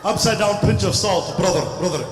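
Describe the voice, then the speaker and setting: A male stand-up comedian doing loud, animated crowd work. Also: high-pitched, fairly quick, background noise. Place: large crowded festival hall. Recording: echoey hall, far from the mic.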